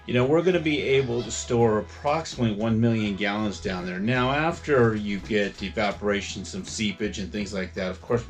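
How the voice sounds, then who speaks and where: A man narrating a home how-to project as he works, casual and rambling with lots of fillers. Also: on the low side. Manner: rambling, filler-heavy, thinking aloud. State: a bit out of breath at times. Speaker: DIY homeowner vlogger.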